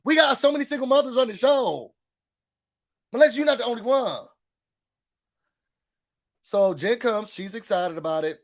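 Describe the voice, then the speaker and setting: A man giving casual recap commentary on a reality show, sassy and animated, repeating words for emphasis. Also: extremely high pitch, moderate pace, pauses often.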